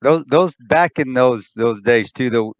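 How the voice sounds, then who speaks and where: A man's voice: mid-range voice, unhurried, no room sound, muffled recording. A man hosting a podcast, casually reminiscing in easygoing chat. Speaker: podcast host.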